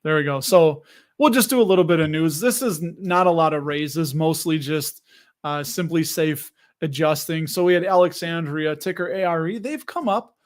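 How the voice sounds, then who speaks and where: Here the American host of a live investing stream talks at a moderate pace in a fairly high voice. It's casual live-stream chat, with him reading viewer comments out loud.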